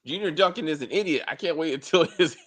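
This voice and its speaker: A man with a high voice that swoops up and down as he reviews a TV episode in casual chat. He talks bluntly and animatedly, cursing and tripping over restarts as his thoughts race ahead. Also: expressive, fast, breathy edge. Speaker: TV show reviewer, co-host.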